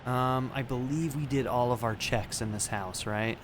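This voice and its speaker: A man casually commentating his playthrough of a video game, thinking aloud in a relaxed, chatty way with fillers and quick laughs. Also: medium pitch, background noise. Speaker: let's play gamer.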